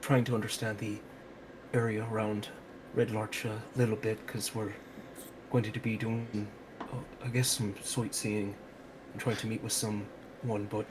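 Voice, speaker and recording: A man's voice: lowish voice, level tone, a little slow, background noise. A man playing a tabletop game, speaking in character politely and hesitantly with many fillers. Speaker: player. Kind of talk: in-character tabletop role-play.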